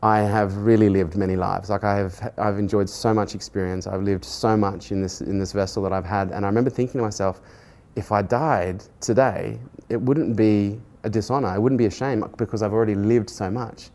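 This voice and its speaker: A middle-aged man, a podcast host earnestly telling a personal story in conversation and growing animated as he recounts it. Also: on the low side, brisk. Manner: earnest, animated when retelling dialogue, laughs at himself.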